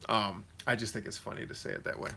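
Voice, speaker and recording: A man's voice: on the low side, steady tone, fast, vocal fry, sharp tone, slight background noise. A man hosting a casual livestream Q&A, answering viewers directly in a slangy, motivational coach tone. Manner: reads viewer comments aloud and answers them directly; slangy and conversational. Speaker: host of a live Q&A stream.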